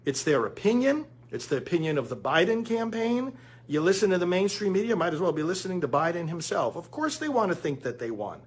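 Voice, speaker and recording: A man's voice: high voice, very animated, brisk, breathy edge. A man giving an earnest political commentary monologue straight to his listeners, calling them friends. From United States.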